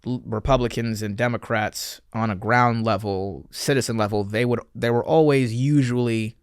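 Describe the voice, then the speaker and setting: A man's voice: mid-range voice, steady tone, normal speed, clean tone, dry recording. Talkative comedian man, dry close mic. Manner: loose, talkative, swears freely. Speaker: comedian podcast co-host. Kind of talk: casual podcast chat.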